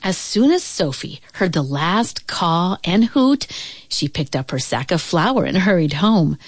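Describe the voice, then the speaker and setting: A woman reading a children's picture book aloud on the radio, expressive and sing-song. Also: on the low side, measured pace, husky, no echo. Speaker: storyteller.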